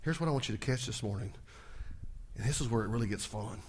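A man's voice: on the low side, animated, fast, a little hiss or hum. A male pastor preaching a sermon, telling the story vividly, acting out scenes and checking in with the congregation through rhetorical questions. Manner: acts out scenes, shouting at peaks.

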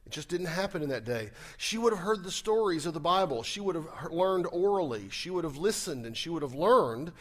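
A male pastor delivering a sermon in a somewhat high voice. He talks to the congregation like a friend, mixing scripture reading with wry, sarcastic asides. His volume swings from loud emphasis to soft, close remarks. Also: lively intonation, fairly quick, hardly any pauses.

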